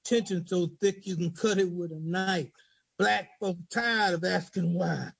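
A man with a gravelly, fairly high voice, speaking haltingly with many pauses before he reads his poem in a steady, rhythmic spoken-word cadence. The sound is dry and close, with no room around it. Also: no echo, rough recording. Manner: halting and hesitant in speech, rhythmic in recitation. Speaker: poet reading his own poem. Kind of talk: spoken word poetry reading.

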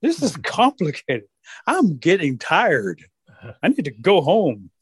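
A man's voice: on the high side, wildly swooping pitch, takes it slowly, husky, dry recording, studio quality, heavily acted. A man storyteller voicing a boastful, lazy male coyote trickster who brags and complains. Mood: weary. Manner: cocky, easily tired, whiny.

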